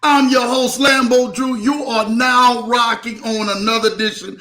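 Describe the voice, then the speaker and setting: Male host for a live-stream motivational show: high, bright voice, hyped, leans on repeated catchphrases. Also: steady tone, moderate pace.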